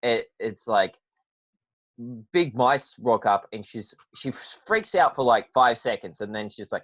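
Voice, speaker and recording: A man's voice: mid-range voice, expressive, measured pace, fairly bright tone, dry recording, highs cut off. A man co-hosting a podcast, chatting in an easygoing, agreeable way about a cartoon. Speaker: podcast co-host. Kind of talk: casual chat reviewing a cartoon.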